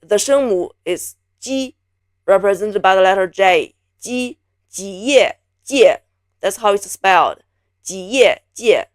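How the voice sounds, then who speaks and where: A woman's voice: mid-range voice, expressive, no echo, clean studio sound. A woman from Beijing teaching a Mandarin pronunciation lesson, patiently repeating each sound several times. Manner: patient, drills sounds by repeating them slowly.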